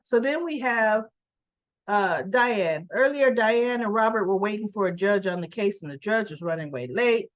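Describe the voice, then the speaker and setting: A woman's voice: medium pitch, lively intonation, normal speed, no room sound. A chatty woman recaps soap opera scenes in a casual, tired-sounding way, speaking straight to her viewers. The recording is dry and close. Its sound is slightly dull and muffled. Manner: chatty, retells scenes by acting out the characters' lines; asks viewers questions directly. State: a little tired.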